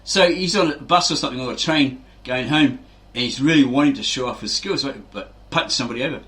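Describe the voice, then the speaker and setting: This fast talker has a mid-range voice with a fairly bright tone. He's a fitness channel host giving a casual, wandering explanation, acting out quotes and attaching "right?" to his lines.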